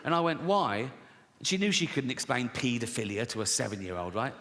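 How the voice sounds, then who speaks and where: A man's voice: medium pitch, very animated, fast, fairly bright tone. A middle-aged man doing stand-up comedy, telling stories in a brash, swearing manner and acting out his mum's voice, on a big theatre stage. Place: large theatre stage with a live audience. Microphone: stage microphone. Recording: live hall recording with long reverb.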